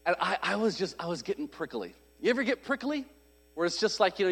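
A man's voice: high-pitched, big pitch swings, fast talker, a bit bright. A man preaching a sermon, telling a story in a conversational, humorous way and acting out the voices of people he quotes. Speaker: pastor. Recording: long hall reverb.

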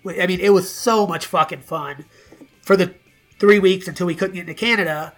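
A middle-aged man, a musician guest, telling stories in a casual, profane, animated way and acting out quoted dialogue. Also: sits high, fairly quick, soft background music. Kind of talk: casual storytelling interview.

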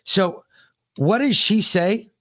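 A man's voice: high voice, slow, no echo, studio quality. A man co-hosting a podcast, telling stories in a casual, profane way and cutting in to correct his co-host. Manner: animated, profane storyteller who cuts in to correct. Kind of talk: casual storytelling chat.

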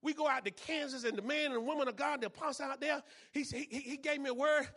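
A man preaching a sermon as pastor, repeating phrases and punctuating them with amens, swinging between hushed passages and loud ones. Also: very high-pitched, fast talker.

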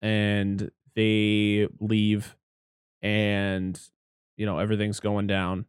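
A man's voice: fairly low pitch, completely flat delivery, extremely slow, smooth, dry recording, studio quality. A man in casual podcast chat, rambling through a movie recap, swearing freely and acting out the characters' lines.

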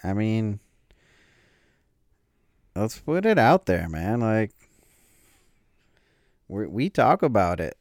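A man's voice: lowish voice, very animated, slow pace, pauses often, darkish tone, no room sound, clean studio sound. A man co-hosting a podcast, telling rambling joking stories in casual chat. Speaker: podcast co-host.

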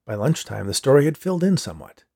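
A man reading a story aloud with a steady storytelling delivery. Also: medium pitch, fast, gravelly. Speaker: story reader. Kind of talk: audiobook narration.

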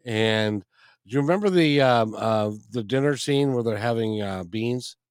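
Easygoing halting man in his sixties, dry sound. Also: medium pitch, clear, resonant tone, no room sound. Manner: easygoing, halting, repeats words. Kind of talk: casual interview chat.

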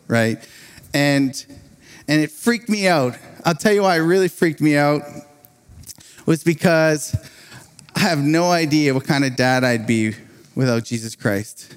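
Animated, higher-voiced male preacher. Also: smooth. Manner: animated, laughs between phrases, restarts. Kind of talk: sermon with storytelling.

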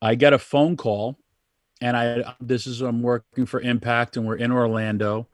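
Brief: middle-aged male wrestler guest, dry close sound, average pitch, chatty rambling storyteller. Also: normal speed, dry recording. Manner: animated, rambling anecdotes with restarts. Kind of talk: casual storytelling.

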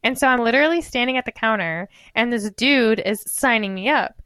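A woman in her twenties, co-hosting a podcast, telling a story in casual chat and acting out every quote with animated swings of voice. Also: fairly quick, dry recording, clean studio sound. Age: 20s. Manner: animated, acts out quoted dialogue with big pitch jumps and laughter. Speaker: podcast co-host.

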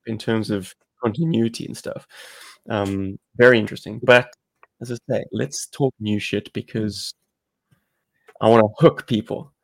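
A man's voice: on the low side, steady tone, measured pace, vocal fry. A South African man co-hosting a podcast, chatting casually and explaining things at length. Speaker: podcast co-host.

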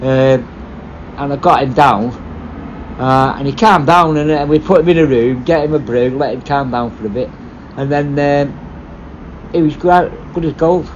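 A former prison officer telling stories casually, blunt and full of swearing, rambling and restarting. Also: male voice, mid-range voice, moderate pace, lo-fi sound, slight background noise. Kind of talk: casual storytelling.

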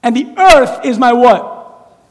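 Guy pastor preaching, super high voice for a man, acts out quotes, big church echo. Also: slow pace. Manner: animated, conversational preaching with acted-out quotes. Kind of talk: sermon. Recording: echoey hall reverb.

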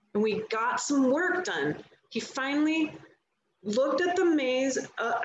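Woman, earnest emphatic storyteller, higher pitch, echoey room. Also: highs cut off. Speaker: guest speaker. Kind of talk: live conversational talk. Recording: echoey room, faint background noise.

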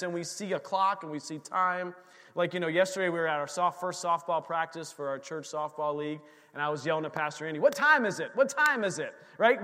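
A man's voice: high voice, fairly bright tone, big-room sound. A middle-aged man, a pastor, preaching a sermon and telling a story, acting out his own reactions.

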